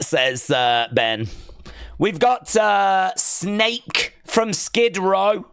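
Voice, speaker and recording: A man hosting a live watch-along stream, chatting in a rambling, excitable way and reading viewer comments aloud. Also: high voice, drawn-out words, clean tone, no echo.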